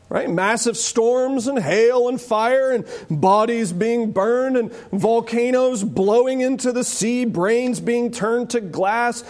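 A man preaching a sermon with animated delivery and joking asides. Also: very high-pitched.

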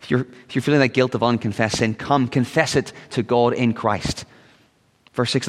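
Guy preaching a sermon, earnest and pleading, middle pitch, big echoey church hall. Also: steady tone, normal speed. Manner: earnest, rises to urgent pleading appeals. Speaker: pastor. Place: church sanctuary. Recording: long reverb of a church hall.

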